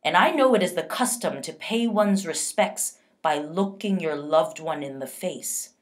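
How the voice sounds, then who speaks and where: Harsh, demanding male officer, condescending and cold, read by a woman teacher; slow, lowish delivery in a storybook reading. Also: animated. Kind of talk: reading a novel aloud.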